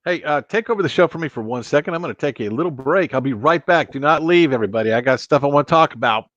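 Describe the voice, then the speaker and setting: A man's voice: a little high, expressive, quick pace, fairly bright tone, no room sound. A man hosting a casual late-night live stream on a laptop mic, joking around and reading out viewer comments. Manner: jokey, keeps reading out viewer chat and counts. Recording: dry, dull lo-fi sound.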